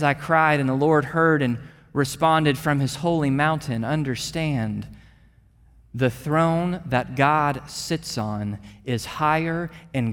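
A pastor delivering an earnest sermon, repeating words and dropping to a hush for emphasis. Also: male voice, mid-range voice, big-room sound. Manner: earnest, with repeated words and dramatic drops in volume.

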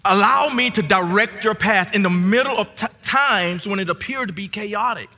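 A man preaching as a guest pastor, restarting his phrases and rising to shouts at the peaks. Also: high voice, moderate pace, big-room sound. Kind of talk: sermon.

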